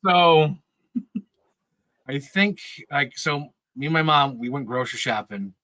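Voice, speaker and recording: A man's voice: on the high side, expressive, unhurried, sharp tone, no echo, poor audio. A man in his thirties telling casual, rambling stories on a podcast, laughing often and swearing freely. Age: 30s. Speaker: podcast regular. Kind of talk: casual storytelling chat.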